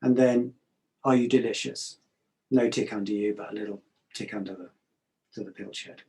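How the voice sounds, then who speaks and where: A middle-aged man giving a reflective talk, calm and measured, pausing often with hesitations. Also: fairly low pitch, rough recording.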